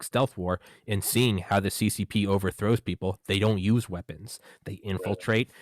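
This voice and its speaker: A man with a lowish voice holds forth on his podcast. He swears freely and keeps firing off rhetorical questions and quick asides. His voice sits close and dry on the mic, with no room sound at all. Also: no echo. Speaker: podcast host. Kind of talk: casual monologue on a podcast.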